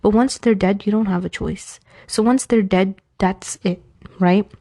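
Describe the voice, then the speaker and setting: New york lady chatting advice on her podcast, mellow warm voice, chatty and animated, goes off on goofy tangents about herself. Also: mid-range voice, a little slow. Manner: chatty and animated, drifts into playful self-mocking tangents. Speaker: host of an Islamic advice podcast. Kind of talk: casual advice talk.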